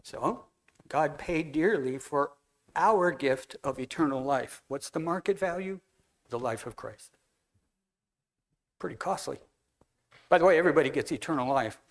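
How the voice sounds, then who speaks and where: A man preaching a relaxed, anecdotal sermon to a church congregation, telling stories and talking with people in the room. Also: a little high, unhurried, pauses often. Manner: conversational, anecdotal, walks among the congregation. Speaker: guest preacher. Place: church hall.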